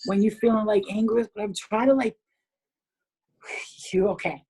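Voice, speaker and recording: Husky woman, blunt casual advice, swears a lot, laughs often, video call audio. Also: medium pitch, fairly even intonation, a little slow, mellow, low-quality recording. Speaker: spiritual healer hosting a group call.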